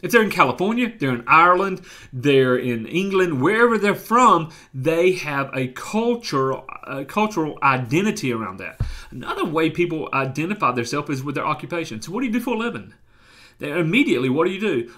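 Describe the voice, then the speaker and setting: A male life coach with a Southern US drawl, talking at a middle pitch. He teaches in an emphatic, motivational way, circling back and repeating key phrases as he goes. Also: animated, normal speed, bright, forceful tone.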